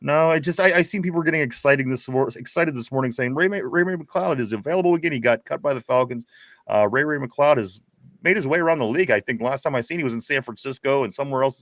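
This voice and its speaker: A man's voice: medium pitch, fast, no room sound, clean studio sound. Chatty man reading comments. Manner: chatty, stumbling restarts. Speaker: podcast host. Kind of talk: casual sports talk, reading viewer comments.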